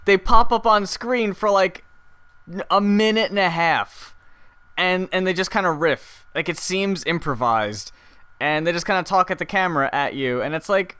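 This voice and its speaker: A man's voice: high-pitched, moderate pace, sharp tone, clean tone. A man co-hosting a podcast in casual chat, laid-back and dry, riffing in long asides. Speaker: podcast co-host.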